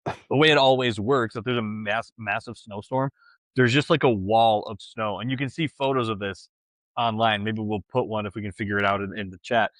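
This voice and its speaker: A man's voice: lowish voice, fairly even intonation, moderate pace, a bit bright, dry recording. A man from Buffalo co-hosting a podcast, chatty and teasing in casual talk. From Buffalo, New York. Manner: chatty, teasing, laughs easily. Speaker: podcast co-host. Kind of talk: casual chat.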